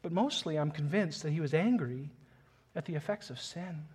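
A man preaching a sermon, reading scripture aloud and building from quiet earnestness to passionate emphasis. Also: on the high side, lively intonation, moderate pace, husky. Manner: reads scripture aloud, chuckles softly. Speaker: pastor.

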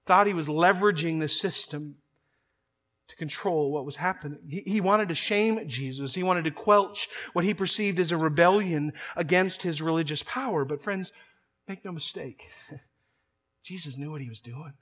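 A man delivers a sermon with emphatic conviction, doubling his words as he presses each point. His voice sits high for a man. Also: moderate pace, a bit bright. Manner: emphatic preaching, repeats words when building a point. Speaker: pastor.

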